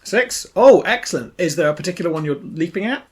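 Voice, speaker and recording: A man's voice: high-pitched, expressive, brisk. A man running a tabletop role-playing podcast as game master, narrating scenes and laughing often.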